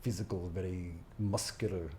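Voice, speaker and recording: A man's voice: low voice, fairly even intonation, moderate pace, darkish tone, a little hiss or hum. A middle-aged man, a stage actor, talking in a casual interview with many restarts and fillers. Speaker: guest, Broadway actor.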